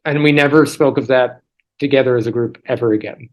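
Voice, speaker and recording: A man's voice: mid-range voice, a little fast, a little mellow, poor audio. Guest, male, 30s: loose, joking, talks in restarts and asides; video-call sound. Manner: chatty, self-deprecating, many restarts and asides. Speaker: interview guest. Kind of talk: casual storytelling over a video call.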